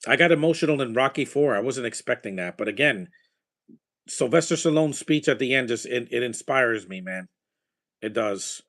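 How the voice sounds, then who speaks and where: A man's voice: mid-range voice, animated, normal speed, a bit bright. A man chatting casually while watching a movie, rambling with enthusiasm about films and their scores. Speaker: movie watcher giving reactions.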